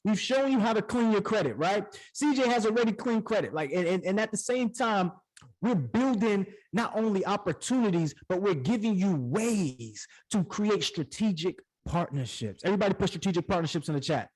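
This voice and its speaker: A man hosting an online community call, excitedly hyping the audience in casual slang. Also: sits high, moderate pace, poor audio. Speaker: host of a community accountability call. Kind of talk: hype-style hosting on an online group call. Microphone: online call microphone.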